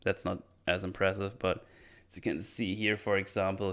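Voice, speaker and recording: In a low, level, smooth voice with a fairly bright tone, a male film reviewer loosely recaps a martial arts movie. He rambles, curses freely and briefly imitates characters.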